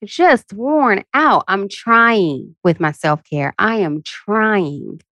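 A woman hosting her own podcast, venting candidly about being tired and worn out. She jumps up into high, animated asides when she quotes herself. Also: drawn-out words, no room sound. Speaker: podcast host. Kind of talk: casual solo podcast rant.

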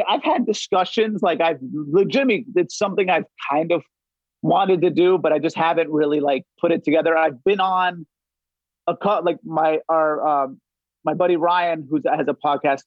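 A man's voice: on the high side, normal speed, no room sound, highs cut off. A middle-aged man from the Los Angeles area, chatting casually as a podcast guest in a rambling way, full of restarts and swearing. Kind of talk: casual chat.

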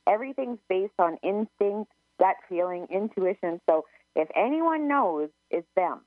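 A woman's voice: mid-range voice, lively intonation, measured pace, no room sound. A woman who gives psychic readings, chatting casually as co-host and telling stories with many restarts and quotes of herself. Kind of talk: casual radio chat. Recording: narrow phone-line sound, dry.

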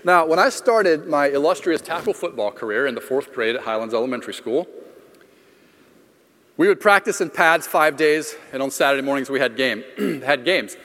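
Middle-aged male pastor, casual storyteller with jokes at his own expense, slightly high voice, long reverb of a big room. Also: expressive, normal speed, fairly bright tone. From Florida. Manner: conversational storyteller, self-deprecating humor. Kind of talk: sermon with personal story.

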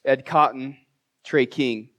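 A man preaching from the pulpit of a church, his voice sitting at an ordinary middle pitch. He speaks with open emotion and warmth toward his congregation, cracking jokes at his own expense. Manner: emotional, heartfelt, self-deprecating humor. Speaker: pastor. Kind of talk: sermon. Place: church sanctuary.

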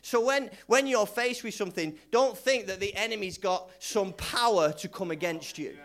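In a high-pitched, fairly bright voice at normal speed, a male pastor preaches loosely and conversationally. The sermon is full of repetition and restarts, and he leads the congregation in call-and-response.

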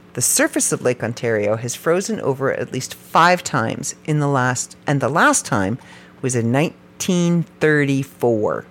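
A podcast host narrates a script of facts. The host often breaks off into joking side comments. The delivery is lively, and the pitch leaps high and drops low. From Canada. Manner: reads facts, then breaks off into playful, joking asides; animated, with sudden jumps up and down in pitch. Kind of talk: podcast narration read from notes.

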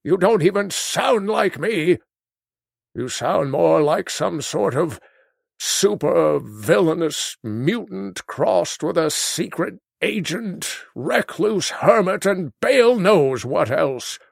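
A man's voice: sits high, animated, slow, no room sound, clean studio sound, heavily acted. A man voicing grumpy old sage Deckard Cain. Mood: indignant. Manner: indignant, theatrical, gravelly. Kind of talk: comedic phone-in sketch.

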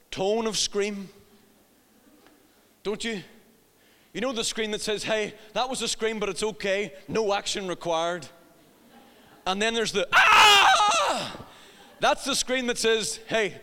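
A man's voice: very high voice, a bit bright. A middle-aged man preaching a sermon, telling a funny family story and acting out the voices. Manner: humorous storyteller, acts out voices, laughs at own jokes. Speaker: pastor. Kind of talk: sermon with personal anecdote. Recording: long reverb of a hall.

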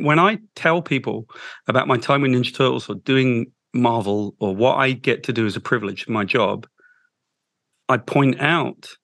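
A man, a guest in an interview, telling an emotional story in a halting, heartfelt way. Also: medium pitch, no room sound. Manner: halting, with restarts, soft and heartfelt.

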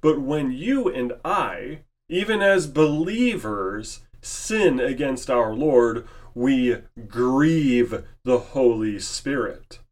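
A male preacher delivers a sermon at an unhurried, measured pace, his voice sitting at an everyday middle pitch. He leans on rhetorical questions and lets his points land. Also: expressive.

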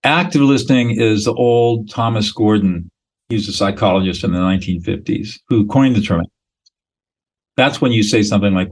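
A man with a fairly low voice speaks at a moderate pace as a guest expert on a podcast interview. He explains things bluntly and emphatically, lecturing in short declarative statements. The recording quality is low.

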